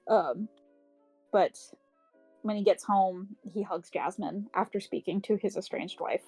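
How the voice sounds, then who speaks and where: A woman's voice: medium pitch, steady tone, a little mellow, husky, dry recording, faint music behind, low-quality recording. A woman co-hosting a podcast, recapping a novel in casual, rambling talk full of fillers and the odd swear word. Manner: acts out characters' lines in quick paraphrase. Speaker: podcast co-host. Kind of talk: casual book club chat.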